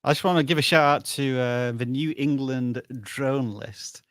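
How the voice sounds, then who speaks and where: Man, live-stream co-host, easygoing, wry, middle pitch, dry sound. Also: normal speed, a bit bright, no echo. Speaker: channel review co-host. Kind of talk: casual live-stream banter.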